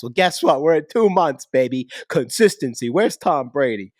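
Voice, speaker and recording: A man hosting a podcast in casual, energetic chat, joking and hyping up his co-host. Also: fairly high pitch, moderate pace, few pauses, no echo, clean studio sound. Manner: energetic, hype, jokey.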